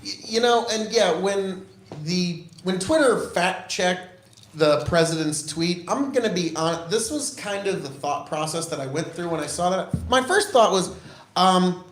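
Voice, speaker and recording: A man's voice: high-pitched, lively intonation, a little slow. A man co-hosting a podcast, ranting with heated, profane outbursts. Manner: heated, swearing, loud outbursts. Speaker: podcast co-host. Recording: echoey room.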